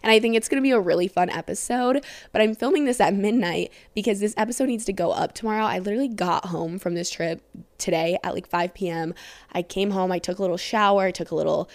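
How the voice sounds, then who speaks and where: A woman's voice: mid-range voice, fast talker, no room sound. A young woman podcast host, sleep-deprived and rambling, chatting casually through a story time with lots of "like". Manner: rambling, chatty, heavy use of "like".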